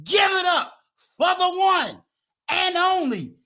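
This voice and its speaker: Shouting high-voiced male show host. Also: sing-song, slow pace. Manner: loud, shouting hype announcer style. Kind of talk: hyped show intro then casual interview.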